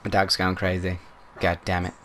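A man hosts a let's play from home, giving chatty, flustered commentary on his video game and apologizing often while a dog barks. His voice sits low and stays monotone at a moderate pace. Heavy background noise fills the recording.

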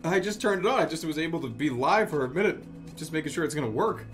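A man's voice: a little high, animated, fast talker, soft background music. A man hosting a live stream, rambling in a flustered, agitated way with frequent cursing.

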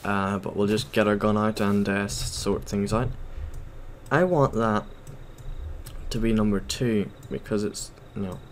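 A man with a lowish voice talks slowly through a gameplay session, rambling and hesitant, correcting himself as he goes. Keyboard clicks and a faint hiss sit behind him. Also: steady tone. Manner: rambling, hesitant, full of ums and self-corrections. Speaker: gaming YouTuber. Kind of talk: casual gameplay commentary. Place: at a computer while playing.

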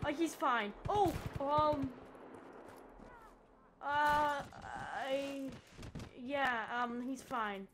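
A woman giving excitable let's-play commentary, yelping and chatting to the characters in her game. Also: high-pitched, extremely slow, pauses often, slight background noise. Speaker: gamer.

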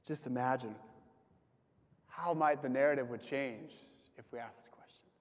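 A young campus ministry speaker gives a casual sermon with personal stories, talking conversationally, using lots of "like" fillers, and letting his phrases dip softly at the ends. His voice is medium-pitched and a little slow, with long hall reverb on the recording.

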